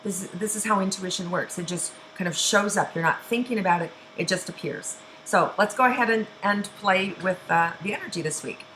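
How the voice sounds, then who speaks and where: A middle-aged woman hosting a weekly intuition show, guiding listeners through breathing with a slow, soothing manner and frequent sighs. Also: medium pitch, fairly bright tone, a little hiss or hum, low-quality recording. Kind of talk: guided meditation and intuitive reading.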